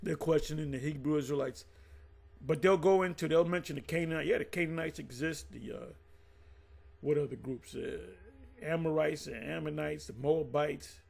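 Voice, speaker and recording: Man host, high voice with husky gravel, rambling and emphatic, unscripted commentary to his viewers. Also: a little mellow. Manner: rambling, halting, with frequent restarts and asides; emphatic, addressing viewers directly. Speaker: channel host teaching Bible history. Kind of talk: casual unscripted commentary, reading sources aloud.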